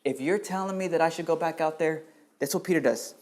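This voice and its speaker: A man preaching a sermon as pastor, moving between loud urgent questions and quiet low passages, and calling on people in the congregation by name. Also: fast talker. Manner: addresses congregation members by name.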